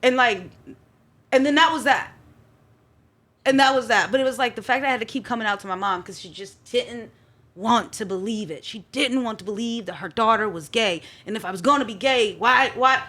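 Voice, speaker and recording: Woman on a podcast, slightly high voice, super expressive storyteller, laughs a lot. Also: brisk. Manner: lively, expressive, laughs while telling stories. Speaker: therapist and podcast guest. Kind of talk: candid storytelling in a group chat.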